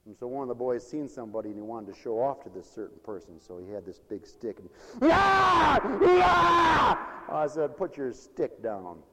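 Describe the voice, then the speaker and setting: A man preaching a sermon with fervor, swinging from loud cries to hushed storytelling. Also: fairly low pitch, fast talker, hardly any pauses. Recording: reverberant hall.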